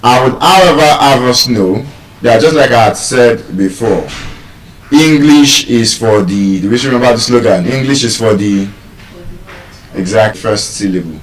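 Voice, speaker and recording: A man's voice: medium pitch, a little slow. Nigerian man teaching, questioning his audience. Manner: animated, asks the audience questions. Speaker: English pronunciation tutor. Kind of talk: live pronunciation class. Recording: echoey room, mic at a distance.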